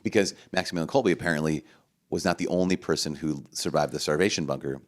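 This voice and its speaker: Fast-talking, deep-voiced joking man. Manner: joking, playful. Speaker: priest, podcast guest. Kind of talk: casual chat.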